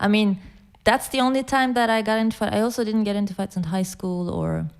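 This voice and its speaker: A woman's voice: medium pitch, steady tone, a little fast, clear, resonant tone. A young woman hosting a casual podcast chat who laughs and swears through her own stories. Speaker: podcast host.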